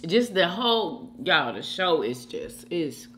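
A woman's voice: fairly low pitch, slow pace, a little hiss or hum. A woman hosting a mukbang channel, chatting casually to her viewers while she eats and calling out to them often. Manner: animated, keeps addressing viewers as "y'all".

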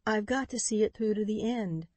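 A woman's voice: mid-range voice, normal speed, a little mellow, no room sound, voice pushed up, close to an everyday voice. A woman reading an audiobook voices a determined young woman in a crisis, speaking with urgent, breathless pleading. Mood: urgent whisper.

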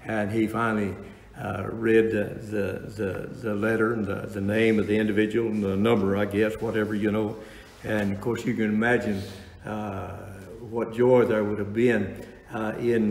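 A male pastor preaching in a roomy church hall, his voice carrying a long reverb tail. He tells stories in a folksy, halting way, full of restarts and fillers. When he reads scripture his delivery lifts into emphatic preaching. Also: lowish voice, level tone, darkish tone. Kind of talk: sermon.

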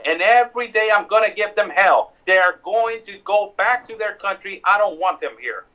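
A man from Mexico, calling in to a talk show, speaking forcefully and defiantly and repeating phrases for emphasis over a phone connection. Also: high voice, animated, normal speed, poor audio. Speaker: guest border reporter. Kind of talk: call-in interview. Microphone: phone or Skype call.

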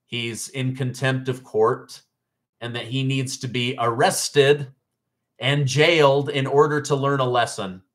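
A man's voice: medium pitch, fairly even intonation, a little slow, a bit bright. Incredulous man hosting a live news stream. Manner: incredulous, mocking, chatty with viewers. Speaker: political news livestream host. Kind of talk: casual livestream news commentary.

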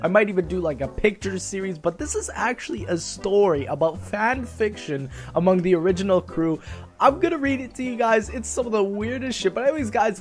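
A man reading fan fiction aloud to his channel, casual and profane, breaking off into reactions. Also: high-pitched. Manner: profane, animated asides between read lines.

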